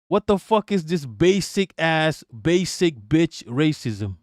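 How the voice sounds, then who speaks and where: A man rants on a live stream in a raised, fairly high voice, cursing freely and mocking whoever he answers. The sound is close and dry. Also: very animated, takes it slowly, dry recording. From Malaysia. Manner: profane, mocking, indignant. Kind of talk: live-stream commentary rant.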